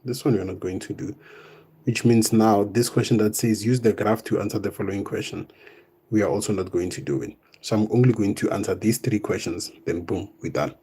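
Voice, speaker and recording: A young man teaching math in a live online exam revision lesson, casual and step by step, often tagging on "right?" and "boom". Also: a little fast, dark tone, breathy edge. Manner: explains step by step, coaxing students.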